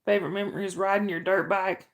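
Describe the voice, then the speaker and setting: A middle-aged woman talks fast in a steady-toned, mid-range voice while hosting a casual livestream. Chatty throughout, she greets viewers by name and answers their chat questions.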